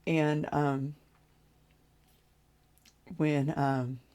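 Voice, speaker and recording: A vlogger telling a personal story in a hesitant way, with many pauses and restarts. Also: mid-range voice, level tone, darkish tone, clear, resonant tone.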